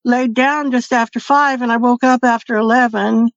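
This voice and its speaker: A woman appearing as a podcast guest tells a personal story in a casual, chatty way, laughing between phrases. Her voice is a little high, with fairly even intonation and normal speed. The recording is dry and dull lo-fi, with no room sound.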